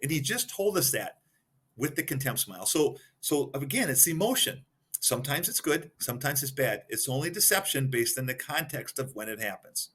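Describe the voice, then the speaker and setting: A man's voice: mid-range voice, very animated, moderate pace, a bit bright, husky. A man talking as a guest expert on a podcast, explaining points one by one and giving examples. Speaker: guest expert in behavioral analysis.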